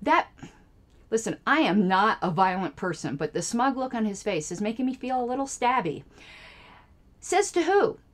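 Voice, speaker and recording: A woman's voice: medium pitch, expressive, a little fast, hardly any pauses. A woman hosting a radio show, giving sarcastic, indignant political commentary on clips she plays. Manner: sarcastic and indignant, jokey asides.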